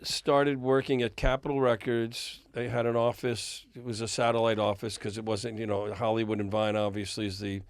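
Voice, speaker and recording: Animated older male storyteller. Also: fairly low pitch, moderate pace, hardly any pauses, no room sound. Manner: animated storyteller, chuckles often. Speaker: record executive guest. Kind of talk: anecdote in a podcast interview.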